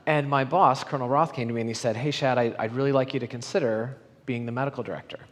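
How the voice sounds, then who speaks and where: A man's voice: medium pitch, fast talker. A middle-aged man giving a conference talk, telling stories and acting out the dialogue with animation. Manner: animated, acts out quoted dialogue. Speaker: conference speaker. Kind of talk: storytelling keynote talk. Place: conference hall. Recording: long hall reverb.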